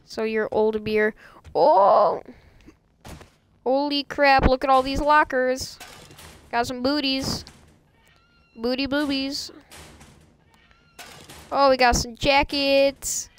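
A woman doing live gameplay commentary, goofy and excitable, often squealing and laughing at her own jokes. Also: sits high, slow, long pauses. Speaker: game streamer.

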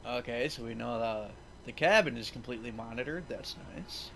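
A man's voice: medium pitch, moderate pace, gravelly, fairly bright tone, slight background noise, poor audio. A young man doing sarcastic, profane gameplay commentary as a let's play host.

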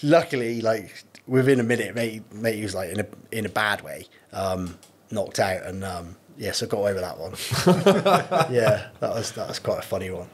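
A man's voice: fairly low pitch, moderate pace, breathy edge. A man, a podcast guest, telling anecdotes in a laid-back way, swearing freely. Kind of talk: casual storytelling.

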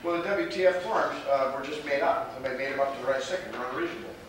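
A man's voice: mid-range voice, racing. Guy rambling thru a martial arts lecture, lots of uhs, far off mic, super echoey noisy hall. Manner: digressive, repeats words, many fillers. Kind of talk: rambling lecture with audience questions.

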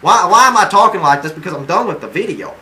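A man's voice: sits high, lively intonation, quick pace, sharp tone. A man playing a boastful, stingy rich Texan oilman in a comic video, rambling and tripping over his own words.

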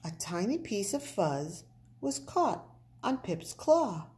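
A woman reading a children's picture book aloud, very expressive, with animated sound effects. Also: mid-range voice, takes it slowly. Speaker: storybook reader.

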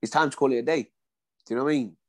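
Speaking quickly in a mid-range voice with no room sound, a man in his 40s recounts stories from his boxing days during a casual interview. He's animated and plays out the dialogue himself.

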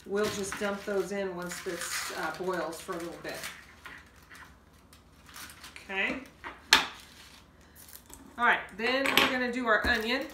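A woman's voice: mid-range voice, takes it slowly, pauses often, heavy background noise. Chatty woman host in an echoey kitchen. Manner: chatty, folksy, talks through each step. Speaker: home cooking show host. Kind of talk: casual cooking demonstration. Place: home kitchen. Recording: echoey kitchen, mic a bit far off.

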